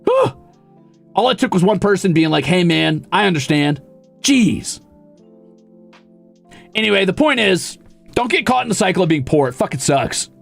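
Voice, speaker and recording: Young man, casual stream chat, profane animated storytelling, gravelly voice, faint background music. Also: high-pitched, normal speed, pauses often.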